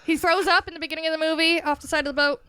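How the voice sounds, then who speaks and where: A woman co-hosting a book podcast sums up the chapter in a loose, rambling way, laughing and swearing as she goes. Her voice is high, bright and clear, with a lively, animated pitch. The sound is close and dry. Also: rapid-fire, no room sound. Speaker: podcast co-host. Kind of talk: casual chat, chapter recap.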